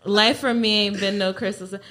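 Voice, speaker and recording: A woman's voice: mid-range voice, steady tone, fairly quick, fairly bright tone, a little hiss or hum. A woman co-hosting a casual podcast chat, talking playfully. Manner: playful, reading aloud dramatically. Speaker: podcast co-host.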